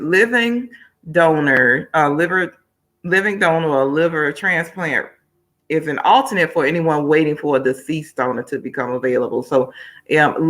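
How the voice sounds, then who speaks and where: Bright, chatty woman hosting a livestream. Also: deep voice. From Miami, Florida. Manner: upbeat, chatty, colloquial, talking to viewers' comments. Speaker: host. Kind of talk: livestream talk show hosting.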